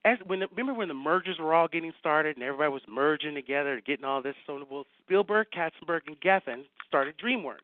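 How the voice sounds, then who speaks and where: A man, a science fiction writer, telling an animated anecdote as a guest and acting out the people he quotes. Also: fairly high pitch, fast, few pauses, phone-quality sound, slight background noise. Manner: lively storyteller acting out quoted voices.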